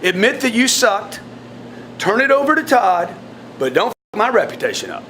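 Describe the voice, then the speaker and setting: A man coaching his sales team in a blunt, forceful way, often repeating words. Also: high voice, big pitch swings, moderate pace, slight background noise. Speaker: sales trainer.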